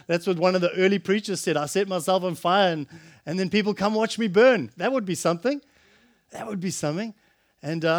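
A man preaching a sermon, impassioned, swinging from loud exclamations to hushed, earnest tones. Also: sits high.

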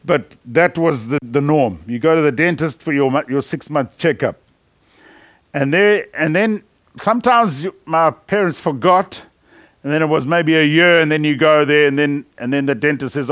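A man with a fairly high voice preaches to his congregation in an easy, conversational way. He tells stories as he goes, laughs often and restarts his sentences. The sound is close and dry, with little room around it. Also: a bit bright, dry recording. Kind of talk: sermon.

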